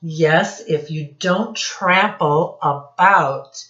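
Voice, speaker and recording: A woman voicing a mild-mannered elderly man with a boat, calmly setting rules for his passengers. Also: low voice, drawn-out words, exaggerated voice. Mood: patient. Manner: calm, gently setting rules. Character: mild elderly man taking animals boating. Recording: dull lo-fi audio in an echoey room.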